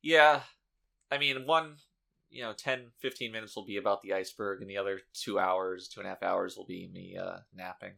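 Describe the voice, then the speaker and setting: Gravelly, bright-voiced man, dry podcast host. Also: low voice, steady tone, brisk. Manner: dry, sarcastic joking. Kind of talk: casual chat.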